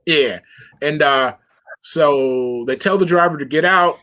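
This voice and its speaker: Animated, slangy man recapping a show. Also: fairly high pitch, takes it slowly. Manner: animated, slangy, laughs often, acts out characters' lines. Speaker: podcast co-host. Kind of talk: casual chat recapping a show.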